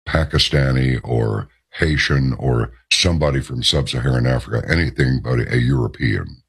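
A man's voice: rumbling low, moderate pace, hardly any pauses, a bit bright, breathy edge. A man hosting a talk radio show, delivering an emphatic, rambling monologue full of asides and rhetorical questions.

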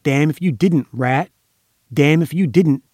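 A man voicing a rough, coarse male thug who growls and snarls. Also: fairly high pitch, a little slow, a little mellow, no room sound, studio quality. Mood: snarling.

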